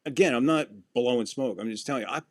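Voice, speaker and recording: A man's voice: mid-range voice, fast talker, dry recording, studio quality. A man hosting a podcast, telling stories casually with lots of swearing and acted-out quotes. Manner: profane, animated storyteller acting out quotes. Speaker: podcast host. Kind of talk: casual storytelling chat.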